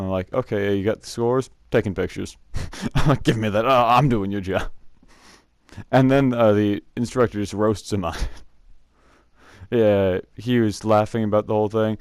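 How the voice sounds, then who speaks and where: A man's voice: fairly low pitch, steady tone, normal speed, darkish tone, no echo, studio quality. A young man casually telling rambling camp stories, laughing often and filling gaps with "uh". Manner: rambling, laughs often, many fillers and restarts. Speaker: scout camp storyteller. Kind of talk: casual storytelling vlog.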